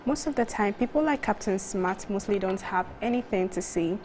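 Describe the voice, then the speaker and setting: A woman with a Ghanaian English accent, a TV co-presenter reading viewer messages aloud in a steady, matter-of-fact way. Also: medium pitch, normal speed, a little hiss or hum. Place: TV studio.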